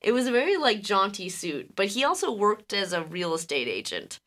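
Bright-voiced woman chatting on a podcast. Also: mid-range voice, big pitch swings, normal speed. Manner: laughs easily, rambling, swears casually. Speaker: podcast co-host. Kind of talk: casual chat.

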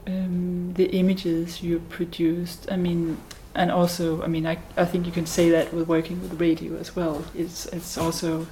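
A woman's voice: fairly low pitch, monotone, moderate pace, few pauses, mellow, slight background noise, poor audio. A woman artist answering interview questions, thoughtful and hesitant, restarting her phrases. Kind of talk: casual interview.

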